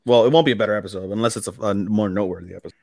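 A man's voice: fairly low pitch, very fast, gravelly. A man co-hosting an anime podcast in casual chat, swearing freely and acting out characters as he recaps. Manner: profane, animated storytelling, mimics characters. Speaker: podcast co-host.

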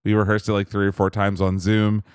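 A young man co-hosting a podcast, telling a long story in a casual, animated, self-amused way. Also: lowish voice, fairly quick, clear, resonant tone, no echo, clean studio sound. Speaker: podcast co-host. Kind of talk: casual chat.

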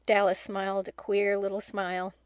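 A woman narrating a children's novel in a steady, clear storytelling manner. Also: mid-range voice, normal speed, dry recording, clean studio sound. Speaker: audiobook narrator.

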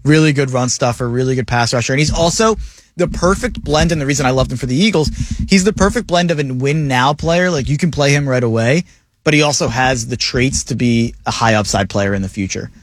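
Excitable man talking football. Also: fairly quick, no room sound. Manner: enthusiastic, pitch jumps up when excited. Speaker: co-host, draft analyst. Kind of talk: casual sports radio talk. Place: radio studio.

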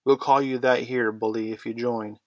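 A man's voice: medium pitch, little pitch movement, normal speed, no echo, lightly acted. A man voicing a menacing, gloating pirate captain who snarls and roars orders. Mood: commanding. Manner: snarling, syrupy, roaring orders.

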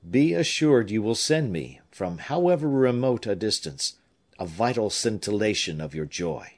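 A man's voice: medium pitch, darkish tone. A man voicing an aging noble father who speaks in a solemn, heartfelt way.

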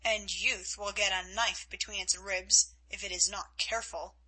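A woman reading the part of a brutal, gruff male henchman in an audiobook, with a snarling, resentful delivery. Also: on the high side, a little slow, bright, forceful tone, heavily acted, poor audio.

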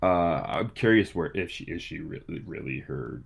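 A man's voice: a bass voice, lively intonation, moderate pace, vocal fry, slightly rough. A man casually discussing a movie with a friend, rambling and slangy, often restarting his sentences. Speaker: podcast co-host.

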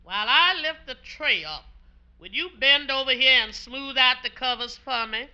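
A woman's voice: high-pitched, moderate pace, bright, forceful tone, clear, resonant tone. An actress playing a cantankerous, bedridden old mother-in-law in a 1950s radio sitcom, tart and drawling, on an old, dull radio recording. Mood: sly.

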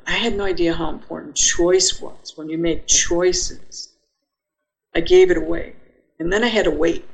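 An older woman appearing as a podcast guest tells a personal story vividly, acting out her own thoughts as she goes. Her lowish voice has vocal fry, and the recording is low quality.

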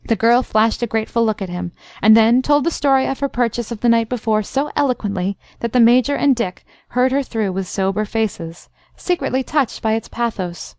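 A woman narrating a classic story in a measured, expressive reading. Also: fairly high pitch, dry recording. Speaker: audiobook narrator. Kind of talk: scripted narration.

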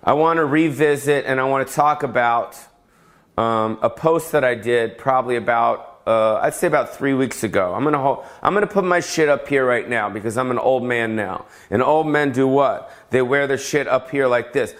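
A man hosting his own podcast, ranting in a rambling, goofy, profane comedic monologue full of stammers. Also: medium pitch. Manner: drawn-out stammers and repeated filler sounds. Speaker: podcast host. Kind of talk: solo comedic rant.

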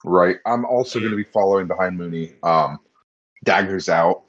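A man's voice: low voice, normal speed, dull audio. A man casually joking as a player at a tabletop game. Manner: joking, laughing easily.

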